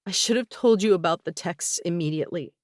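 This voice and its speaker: A tearful, soft-spoken young woman pleading with her estranged sister, as a woman narrator voices her. She speaks slowly and a bit higher than the narration. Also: dry recording, studio quality, close to an everyday voice.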